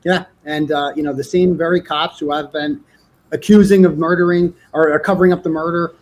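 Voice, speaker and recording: A middle-aged man as an interview guest, telling his story in a profane, animated way. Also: fairly high pitch, a little fast. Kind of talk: casual interview.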